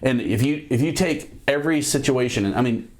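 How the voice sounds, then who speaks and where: A man's voice: medium pitch, brisk, darkish tone, slight background noise. A man hosting a podcast, chatting casually and often restarting his sentences. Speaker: podcast host. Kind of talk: casual chat.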